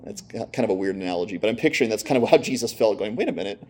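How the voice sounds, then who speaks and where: A man's voice: on the low side, rapid-fire, darkish tone. A man preaching a conversational sermon, storytelling with casual asides to his listeners. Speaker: preacher teaching a lesson.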